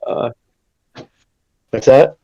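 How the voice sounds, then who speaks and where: A man's voice: very slow, warm tone, no room sound, dull audio. A man joining a casual podcast who rants and swears freely. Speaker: podcast guest. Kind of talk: casual boxing podcast chat.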